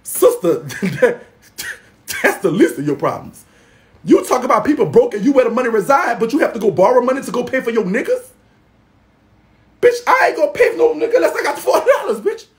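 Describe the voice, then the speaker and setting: A man giving casual gossip commentary in a sassy, profane, dramatic way, with loud exclamations and laughing. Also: extremely high pitch, big pitch swings, a little fast. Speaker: gossip vlogger.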